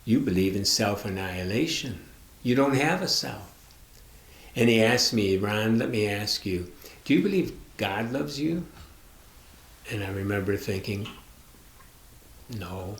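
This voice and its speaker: A man's voice: lowish voice, animated, unhurried. A middle-aged man, a minister, giving an earnest, confessional teaching talk and speaking straight to the listener. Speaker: minister and author. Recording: roomy echo.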